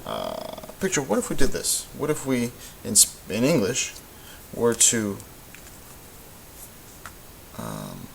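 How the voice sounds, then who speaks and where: A man teaching a recorded Spanish grammar lesson, explaining in a relaxed way with lots of ums and uhs. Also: medium pitch, takes it slowly, gravelly, pauses often, low-quality recording. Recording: faint hiss.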